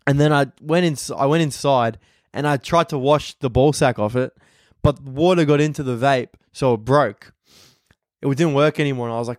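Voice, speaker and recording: A man's voice: mid-range voice, brisk, no room sound, clean studio sound. A man in his twenties with an Australian accent, hosting a casual solo podcast and telling rambling, profane stories. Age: 20s. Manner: profane, rambling storyteller who acts out others' lines. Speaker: podcast host, comedian.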